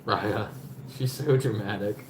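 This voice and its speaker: A man's voice: unhurried, background noise. A man talking casually to his dog and her puppies at home, coaxing and playful. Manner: coaxing, playful, talks to the dog in a high baby voice at times. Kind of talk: casual talk to pets.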